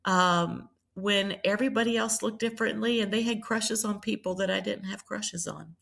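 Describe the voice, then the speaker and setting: A woman's voice: mid-range voice, steady tone, moderate pace, creaky, a bit bright. A middle-aged woman from South Carolina, a priest and nurse telling her life story in a podcast interview, reflective and full of ums and restarts. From Charleston, South Carolina.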